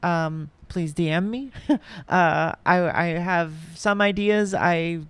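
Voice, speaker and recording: A man hosting a podcast in casual chat, rambling with many pauses and restarts. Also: sits high, fairly bright tone, clear, resonant tone, dry recording. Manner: rambling, lots of ums and restarts. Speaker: podcast host.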